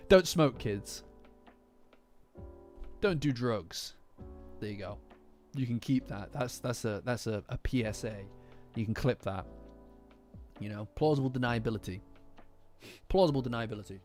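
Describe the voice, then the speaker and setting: A young man with a British accent chatting casually as a manga reaction streamer, swearing freely, answering live comments and acting out characters in quick asides. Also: mid-range voice, expressive. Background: soft lofi music.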